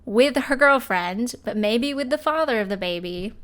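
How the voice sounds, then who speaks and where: A woman's voice: on the high side, normal speed. A woman hosting a casual let's play, chatting expressively about the story of her life-sim game. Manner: chatty and expressive, full of fillers. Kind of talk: casual gameplay commentary.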